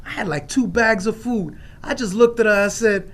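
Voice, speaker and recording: A man's voice: high-pitched, normal speed, few pauses. Earnest man sharing at a recovery meeting. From New York. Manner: earnest, emphatic, repeats phrases. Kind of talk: personal recovery share at an online meeting. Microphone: video call.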